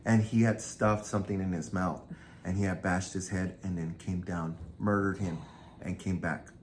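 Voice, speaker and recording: A man's voice: deep voice, fairly even intonation, normal speed, a little hiss or hum. A man casually retelling a true crime story, acting out the quoted lines with lots of energy.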